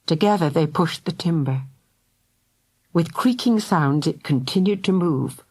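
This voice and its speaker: A woman narrating a children's audiobook in a lively storytelling manner. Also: fairly low pitch, a little slow, slightly rough, no room sound. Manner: lively, voices each character.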